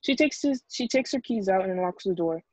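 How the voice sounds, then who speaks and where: A woman reading screenplay stage directions in a plain, even way over a video call. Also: mid-range voice, a little fast, husky, no room sound, muffled recording.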